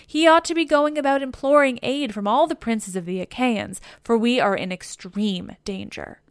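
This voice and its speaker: A woman's voice: on the high side, normal speed, smooth, no echo, studio quality, lightly acted. A woman reading the lines of an old male warrior counselor in an earnest, urging, formal manner, in her own voice. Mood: earnest, urgent.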